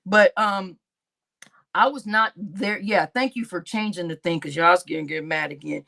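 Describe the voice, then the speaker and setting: A woman's voice: on the low side, moderate pace, gravelly, a bit bright. A woman hosting a livestream, ranting angrily and with lots of profanity, repeating herself. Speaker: livestream host. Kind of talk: heated livestream rant.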